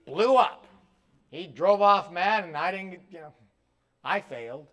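A man's voice: high voice, animated, unhurried, fairly bright tone. A male pastor preaching a sermon, urging his listeners directly and with emphasis. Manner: emphatic, direct exhortation to the congregation.

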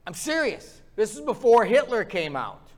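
A man's voice: sits high, sing-song, normal speed. A man preaching a sermon, impassioned and ranting as he pounds the pulpit. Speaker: pastor.

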